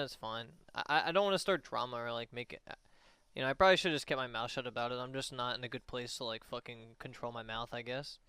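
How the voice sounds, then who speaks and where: A man's voice: mid-range voice, sharp tone, clear, resonant tone, dry recording. A young man on a casual livestream, talking in a rambling, profane way with lots of fillers.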